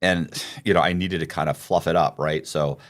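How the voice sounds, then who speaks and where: A man, a podcast host, telling a story in casual chat, excitable and profane with frequent restarts. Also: low voice, normal speed.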